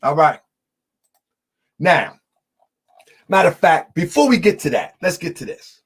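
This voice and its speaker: A man in a heated live debate, speaking emphatically, often shouting, repeating lines for effect and calling the audience family. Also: on the high side, sing-song, a little slow, slightly rough.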